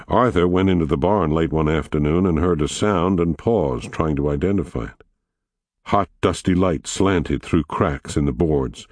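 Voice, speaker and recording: A man reading a novel aloud as an audiobook narrator, in a measured, even storytelling manner. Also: very deep voice, no room sound, studio quality. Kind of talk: scripted narration.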